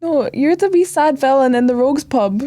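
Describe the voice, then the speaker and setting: A woman's voice: high-pitched, lively intonation, normal speed, mellow. A woman with a slightly raised voice chats on a podcast. She teases her co-hosts and goes off on crude little rants. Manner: teasing, rants with crude jokes. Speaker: podcast co-host. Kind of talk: casual chat.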